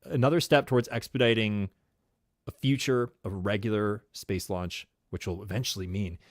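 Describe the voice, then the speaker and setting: A man with a New York accent co-hosting a casual live-streamed podcast, excitable and rambling, laughing often. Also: fairly low pitch, moderate pace, dry recording, studio quality. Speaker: podcast co-host.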